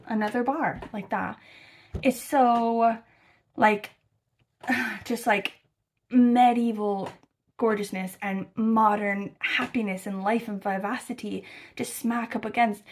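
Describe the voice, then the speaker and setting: A young American woman chatting casually to camera about her travels, rambling and animated, with lots of fillers and swearing. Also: a little high. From United States. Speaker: travel vlogger. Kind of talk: casual chat.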